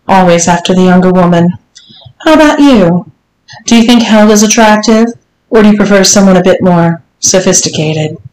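A woman voicing a haughty, mocking wealthy older lady who talks in a teasing, imperious, drawn-out way. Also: medium pitch, a little mellow, natural voice. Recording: roomy echo.

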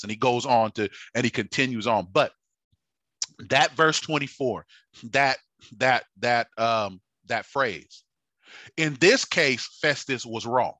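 A male preacher delivers a sermon at an unhurried pace, his voice bright and forward. He stumbles through fillers and restarts, then climbs into fervent emphasis. The sound is dry and close. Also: medium pitch, no room sound. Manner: halting, many fillers and restarts, rising to fervent.

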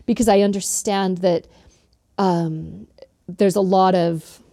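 A woman's voice: medium pitch, slow, vocal fry, dry recording, clean studio sound. Earnest woman author telling stories. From northern Utah, USA. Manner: earnest, animated storyteller with frequent ums. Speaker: author guest. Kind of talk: interview storytelling.

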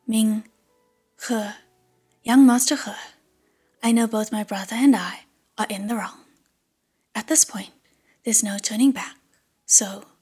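A man's voice: sits high, slightly rough. A woman whispering a guilty pleading young man in whispered role-play. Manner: pleading, faltering.

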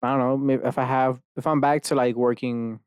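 A man's voice: medium pitch, steady tone, fairly quick, clear, resonant tone, dry recording, studio quality. A young man from Dallas hosting a casual solo podcast, rambling and swearing a lot as he interrupts himself. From Dallas, Texas, USA. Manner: rambling, profane, swears often; self-interrupting, many restarts and fillers. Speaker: podcast host.

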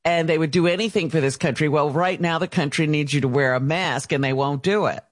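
A man's voice: a little high, brisk, no room sound. A man co-hosting a radio show, making dry, wry remarks. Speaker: radio co-host. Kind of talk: casual radio talk.

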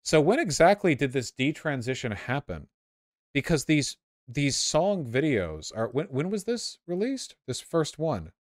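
A man's voice: fairly high pitch, very animated, no echo. Dry sarcastic male streamer. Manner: sarcastic, quick reactive asides. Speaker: streamer reacting to clips. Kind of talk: casual commentary.

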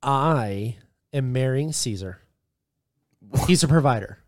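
A man's voice: medium pitch, lively intonation, takes it slowly. A man co-hosting a podcast, rowdy and laughing, sometimes slipping into silly voices in crude banter. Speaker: podcast co-host.

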